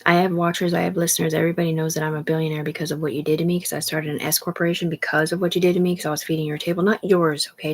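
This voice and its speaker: Woman streamer, low, gravelly, husky delivery, rambling and scattered, addressing her chat. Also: level tone, racing, few pauses. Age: adult. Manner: rambling, jumps between topics, talks to chat. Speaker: livestreamer. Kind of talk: rambling live-stream monologue.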